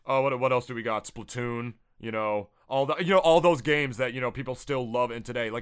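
A man's voice: mid-range voice, fairly quick, few pauses, smooth. A young man co-hosting a podcast in casual chat, blunt and sarcastic, with some swearing. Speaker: podcast co-host.

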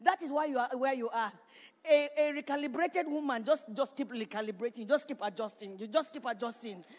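A woman pastor preaching a sermon in a church, building to shouts and repeating her points. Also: on the high side, brisk. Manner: preaching with rising shouts and repetition. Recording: reverberant church hall.

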